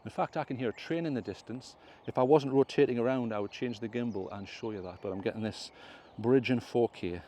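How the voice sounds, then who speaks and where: Standing outdoors on a hill, a mellow-voiced Englishman explains how to fly a drone in a casual vlog tutorial. His mid-range voice runs fairly quickly with hardly any pauses, chatty and self-correcting, and he clears his throat with a slight cough. Light background noise is audible.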